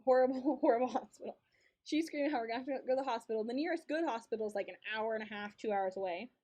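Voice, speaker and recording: A young woman with a fairly high voice, chatting away as she plays a game on stream. She tells a long story in a loose, rambling way, repeating herself and laughing often. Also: racing, darkish tone. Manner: chatty, laughs often, retells events with lots of repetition. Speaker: streamer and co-host. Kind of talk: casual storytelling while gaming.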